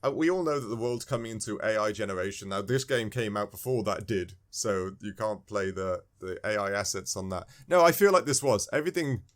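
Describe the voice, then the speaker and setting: A man co-hosting a podcast, talking about a game in a rambling, animated way, searching for words and chuckling often. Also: on the low side, a little fast, hardly any pauses. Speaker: podcast co-host. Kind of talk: casual game discussion.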